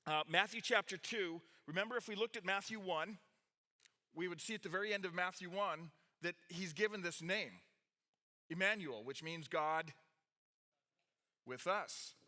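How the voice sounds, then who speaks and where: A man's voice: sits high, normal speed, pauses often. A man preaching a sermon, reading from the Bible, explaining it with a map and asking his listeners questions. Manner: animated, with restarts, questions to the audience. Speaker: pastor teaching a youth group.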